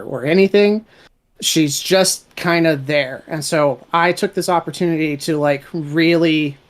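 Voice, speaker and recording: An audio drama creator chats casually about their production at a middle pitch. They ramble a little, often restarting their sentences as they explain. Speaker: audio drama writer and director. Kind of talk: casual chat.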